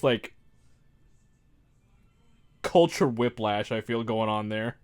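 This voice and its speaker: A man's voice: on the low side, takes it slowly, darkish tone, clean tone. A man hosting a casual livestream while building a model kit. He rambles, mocks himself and laughs often.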